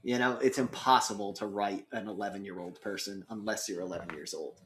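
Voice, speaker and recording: A man's voice: on the low side, steady tone, fairly quick, heavy background noise. A tipsy man co-hosting a movie review podcast, rambling and swearing as he laughs through casual chat. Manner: rambling, profane, laughing often. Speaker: podcast co-host.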